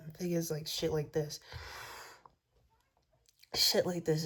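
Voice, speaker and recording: A woman's voice: low voice, little pitch movement, slow pace, a bit bright, husky. A woman venting in a rambling vlog rant, swearing a lot, repeating herself and dropping into whispers. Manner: profane, repetitive venting, drops to whispers. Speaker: vlogger.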